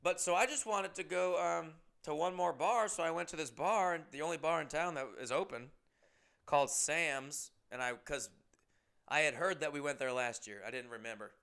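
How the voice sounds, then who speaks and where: On his own podcast, a male comedian delivers a casual monologue of rambling, profane, self-deprecating stories. His voice is fairly high, smooth and fairly bright with some creak, and he talks at a normal speed.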